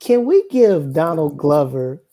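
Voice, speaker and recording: A man's voice: on the high side, big pitch swings, measured pace, dark tone. A man joining a podcast chat, eager and insistent about making his comment. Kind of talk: casual chat.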